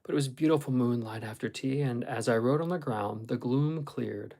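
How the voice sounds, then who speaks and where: A man reading a classic novel aloud in a steady, measured storytelling voice. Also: medium pitch, low-quality recording. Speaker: audiobook reader.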